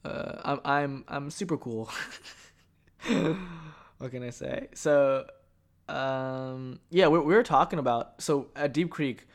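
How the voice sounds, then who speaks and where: A young man chats alone into his podcast mic. He rambles and restarts, swears freely and leans on "like" in nearly every line. His voice sits at a middling male pitch. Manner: rambling, profane, heavy filler "like". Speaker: podcast host. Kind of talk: casual solo storytelling.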